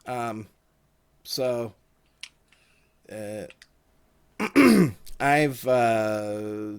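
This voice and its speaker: A man playing a tabletop role-playing game in character, talking in a halting, hesitant way with many fillers. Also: fairly low pitch, vocal fry.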